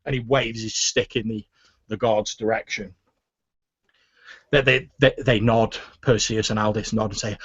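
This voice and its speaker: Husky male game master, stammering narration. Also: fairly low pitch, little pitch movement, normal speed, a bit bright. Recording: muffled lo-fi recording.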